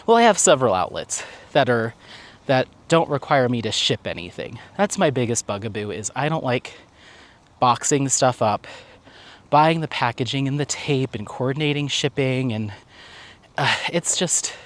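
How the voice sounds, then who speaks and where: A man's voice: medium pitch, expressive, moderate pace. A man vlogging casually while out on a walk, talking in a rambling, chatty way and laughing often. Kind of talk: casual walk-and-talk vlog. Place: outdoors on a walk.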